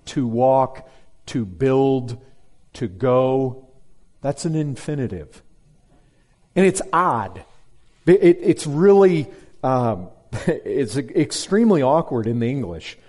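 A man preaching an expository sermon to a congregation, emphatic and direct, repeating key words and dropping low and slow for stress. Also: expressive. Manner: emphatic, swings between loud stress and low slow drops. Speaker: pastor.

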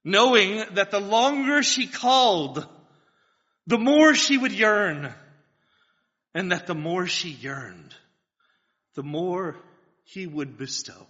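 A man's voice: a little high, fairly bright tone. A man preaching a sermon, earnest and building to fervent pleas, asking his listeners questions. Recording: dull lo-fi sound with long hall reverb.

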